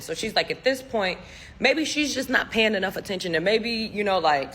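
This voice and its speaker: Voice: medium pitch, a bit bright, slight background noise. A casual storyteller retelling a spooky story in a loose, rambling way, full of "like" fillers and little voices for the people quoted.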